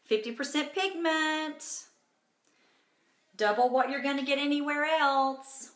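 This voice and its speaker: In a relaxed livestream from home, a woman teaches makeup while cheerfully chatting and calling out viewers by name. She speaks slowly in a somewhat high, a bit bright voice, picked up by a phone in an echoey room.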